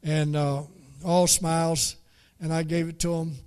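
A man preaching a folksy story, halting and repeating words as he goes. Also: on the high side, level tone, a little mellow, clean tone. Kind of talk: storytelling sermon.

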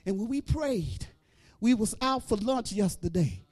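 A middle-aged woman preacher giving an animated testimony, breaking into praise and shouting at the peaks. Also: mid-range voice, measured pace. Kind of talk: testimony sermon.

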